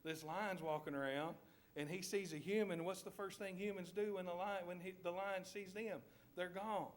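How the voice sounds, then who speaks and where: A man with a Southern US accent delivers a church sermon as a vivid story, asking the congregation to see each scene with him. His voice sits a little high for a man, and a faint low rumble runs underneath. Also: fairly even intonation, moderate pace. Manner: vivid storytelling, asks listeners to picture scenes. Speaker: preacher.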